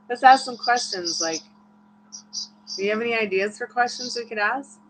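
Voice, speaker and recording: A woman's voice: on the high side, moderate pace, fairly bright tone, a little hiss or hum, poor audio. A tired woman hosting a tarot livestream, telling a long personal story in a candid, rambling way with frequent laughs. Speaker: tarot reader and livestream host. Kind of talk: casual livestream chat.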